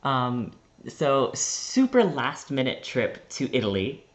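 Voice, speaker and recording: A man's voice: mid-range voice, wildly swooping pitch, takes it slowly. A young American man telling a rambling, chatty story to his vlog audience. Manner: chatty, rambling, heavy use of "like". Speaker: vlogger.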